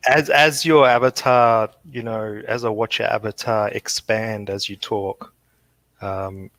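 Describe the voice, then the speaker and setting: A man hosting a livestream over a video call, talking in a relaxed, drawn-out way. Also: lowish voice. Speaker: livestream host. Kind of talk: casual livestream chat.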